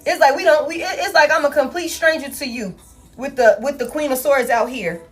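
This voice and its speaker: Soft music plays in the background as a high-pitched woman briskly reads tarot for her viewers. Calling them "y'all," she keeps things casual, blunt and full of swearing.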